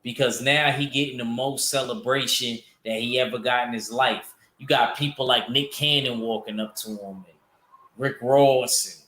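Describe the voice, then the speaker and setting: A man's voice: mid-range voice, fairly even intonation, normal speed, fairly bright tone, roomy sound, a little hiss or hum. A man hosting a casual boxing livestream, rambling loosely and answering his chat. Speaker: boxing show host reading chat.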